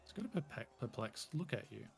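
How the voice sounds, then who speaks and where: A man's voice: medium pitch, sing-song, brisk, gravelly. Rambling man running a tabletop game. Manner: loose, rambling descriptions full of "sort of" and "kinda". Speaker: game master.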